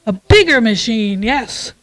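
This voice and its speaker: A woman leading a church service, reading a passage aloud and then telling a children's story in a calm, measured way. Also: a little high, no echo, rough recording. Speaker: worship leader.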